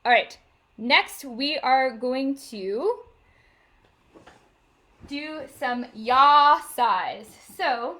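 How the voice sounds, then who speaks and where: A woman with a high, bright-pitched voice walks a choir through warm-ups over a video call, cueing each step with an encouraging "ready?". Soft piano notes sit faintly behind her words. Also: expressive, extremely slow, pauses often. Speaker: choir director. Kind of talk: leading vocal warm-ups in a mock virtual rehearsal. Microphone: video call microphone. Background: piano she plays for the exercises.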